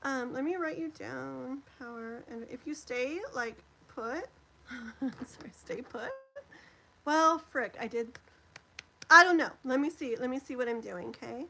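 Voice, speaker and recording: A woman's voice: sits high, a little slow, gravelly, poor audio. A middle-aged woman, chatting casually and rambling with lots of fillers as she does a live tarot stream.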